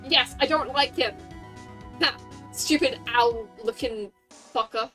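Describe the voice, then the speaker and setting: High voiced streamer girl rambling over game music, jokes around. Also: slow, long pauses, pushed and bright. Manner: rambling, repeats herself, crude jokes. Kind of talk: casual game playthrough commentary.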